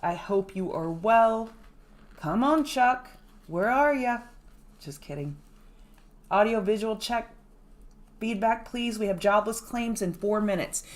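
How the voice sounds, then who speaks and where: A woman's voice: medium pitch, takes it slowly, long pauses. A woman hosting a morning trading livestream, greeting viewers by name and explaining market moves in a casual, chatty way. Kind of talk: casual live-stream chat.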